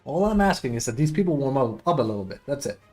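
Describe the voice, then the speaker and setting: A man's voice: medium pitch, sing-song, quick pace, a little mellow, soft background music. A man streaming a game, ranting bluntly and with plenty of swearing in a casual, exasperated way. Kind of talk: casual live-stream rant.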